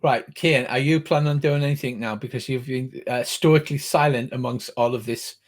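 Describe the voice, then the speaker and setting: A man acting as game master, explaining rules and the scene in a measured, patient way. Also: medium pitch, fairly even intonation. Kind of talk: running a tabletop game over a call.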